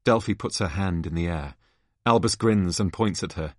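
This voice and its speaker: A man with a very low voice reads stage directions in a plain, matter-of-fact way. The recording is dry and close, with no room sound. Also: moderate pace, dry recording. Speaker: narrator. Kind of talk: reading stage directions aloud.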